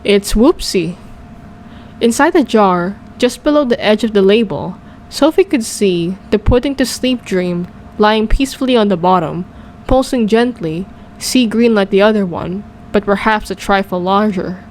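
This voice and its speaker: A woman narrating a children's storybook with gentle, even reading. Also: medium pitch, normal speed, slight background noise. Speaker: audiobook narrator.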